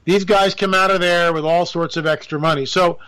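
A man's voice: steady tone, normal speed, sharp tone, smooth, rough recording. A man, a radio host, giving a joking, sarcastic political commentary monologue. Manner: joking, sarcastic, pitch jumping up for emphasis.

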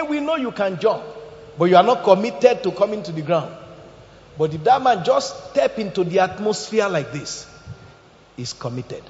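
A man preaching a sermon as pastor, animated, acting out quotes and jokes. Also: sits high, moderate pace. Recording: echoey hall, dull lo-fi sound.

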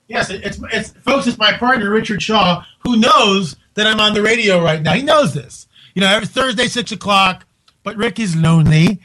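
A man hosting a live radio show, talking casually in an animated, joking way, with frequent restarts. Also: high voice, normal speed, low-quality recording. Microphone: studio microphone on a live radio broadcast.

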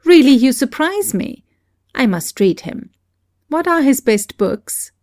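A woman's voice: sits high, big pitch swings, a little mellow, no echo, pitched above the performer's own voice, exaggerated voice. Woman reading as a reserved, dry-spoken novelist. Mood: mildly surprised. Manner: measured, dry.

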